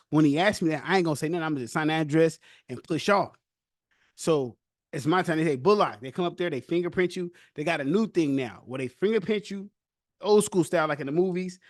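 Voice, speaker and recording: A young man hosting a podcast, telling his own story casually with loose street slang and animated retellings. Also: fairly high pitch, no room sound, clean studio sound.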